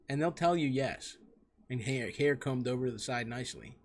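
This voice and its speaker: A man's voice: medium pitch, brisk. A young man hosting a comedy advice show, giving crude, profane and mocking answers to callers.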